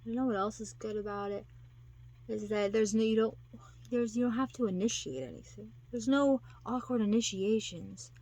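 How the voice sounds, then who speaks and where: A woman's voice: a little high, steady tone, normal speed, darkish tone. A woman talking casually to her viewers, rambling and giggling, acting out quotes in put-on voices. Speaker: vlogger. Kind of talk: casual monologue to camera.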